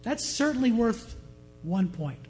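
A man's voice: extremely high pitch, sing-song, a little slow, darkish tone, big-room sound, soft background music, full character voice. A man preaching, voicing the angel Gabriel, who weighs a man's deeds in a dry, understated way.

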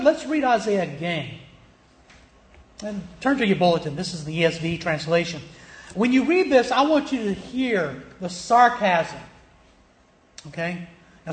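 A man with a notably high voice delivers a sermon as a pastor. He reads scripture aloud, leans hard on key words and keeps asking his listeners short questions. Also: roomy sound. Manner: emphatic, stretches key words, checks in with rhetorical questions.

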